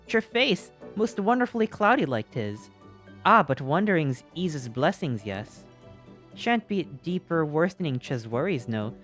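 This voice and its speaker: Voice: medium pitch, pitched above the performer's own voice, natural voice. A streamer voicing an ancient, whimsical forest being who rambles in quaint, broken, archaic phrases and calls the listener "my love.".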